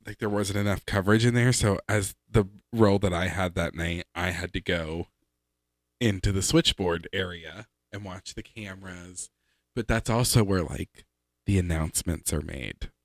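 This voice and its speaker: A man co-hosting a podcast, telling work stories in an animated way and laughing along as he goes. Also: low-pitched, moderate pace, no echo, clean studio sound. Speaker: podcast co-host. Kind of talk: casual chat, storytelling.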